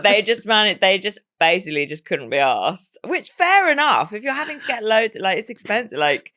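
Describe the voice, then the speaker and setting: A woman chats casually as a podcast co-host, easygoing and quick to giggle, with plenty of slang. Her pitch moves up and down a lot and sits in the middle of the range. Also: sing-song, bright, forceful tone. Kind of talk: casual chat.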